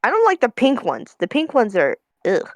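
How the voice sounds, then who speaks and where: A woman's voice: a little high, huge pitch swings, moderate pace, dry recording. A woman co-hosting a casual group podcast, playful and teasing. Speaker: podcast co-host.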